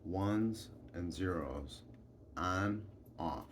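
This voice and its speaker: A man's voice: low voice, drawn-out words, slight background noise. A man telling a meandering personal story in a folksy style, with asides and chuckles.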